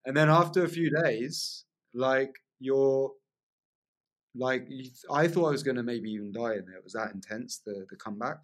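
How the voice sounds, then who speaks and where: A man guesting on a podcast, spinning a vivid personal story with excitable energy. His voice sits in an ordinary middle pitch, and he talks loosely, laughing along the way and peppering sentences with "like.". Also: moderate pace. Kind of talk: storytelling in casual conversation.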